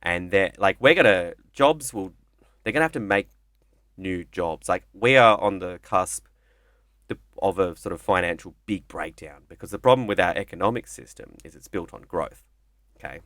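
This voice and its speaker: A man in casual podcast chat, rambling and profane, often slipping into quick voices for other people. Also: low voice, a bit bright, dry recording, clean studio sound.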